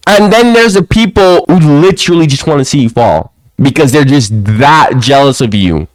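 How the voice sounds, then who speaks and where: A young man ranting to camera in a casual monologue at home, often tacking a low "bro" onto his lines. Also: dry recording, rough recording. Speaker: vlogger. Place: quiet home, alone.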